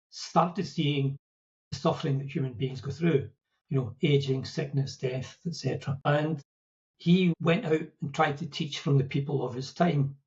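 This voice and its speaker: A man's voice: on the high side, darkish tone, muffled recording. A man with a Scottish accent, explaining ideas in a conversational, storytelling way with quips and asides. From Scotland. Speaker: podcast guest explaining Buddhist ideas. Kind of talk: casual explanatory talk.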